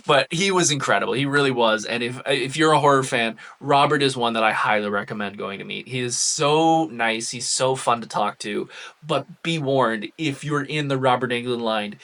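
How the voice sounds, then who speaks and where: Bright-voiced man telling a story. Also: medium pitch. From Canada. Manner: chatty, animated storyteller. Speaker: cosplay vlogger. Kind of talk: casual storytelling to camera.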